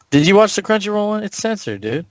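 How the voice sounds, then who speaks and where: A man co-hosts a podcast in a very lively, swooping voice, recorded dry and close. He jokes around, laughs easily and swears casually. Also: high voice, moderate pace, dry recording. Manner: jokey and laughing, with profane asides. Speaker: podcast co-host.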